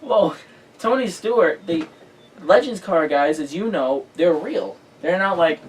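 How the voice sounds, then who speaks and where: Male host, excitable storyteller, heavy with fillers, a bit distant from the mic with faint noise. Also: a little high, takes it slowly. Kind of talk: casual chat.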